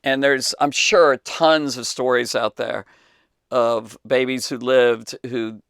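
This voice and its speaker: A man giving a Bible teacher's answer in unscripted talk, emphatic and halting, with many fillers and restarts. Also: medium pitch, gravelly, fairly bright tone, dry recording, studio quality.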